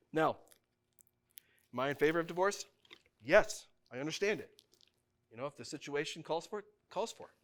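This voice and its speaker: A male chaplain with a twang speaks in a fairly high voice. He talks to couples in a plainspoken, folksy way, like a casual conversation. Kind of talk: workshop talk to couples.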